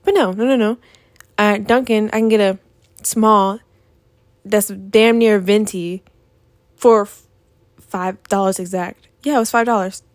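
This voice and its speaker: A woman's voice: mid-range voice, no echo. A young woman, hosting a podcast in a profane, exasperated rant. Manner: profane, animated, exasperated ranting. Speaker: podcast host. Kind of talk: ranting casual monologue.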